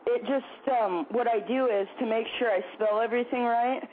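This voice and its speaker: A man's voice: very high-pitched, fairly even intonation, normal speed. A young man calling in to a show, easygoing and hesitant, with lots of fillers. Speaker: caller. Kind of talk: phone call chat. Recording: tinny phone line with faint noise.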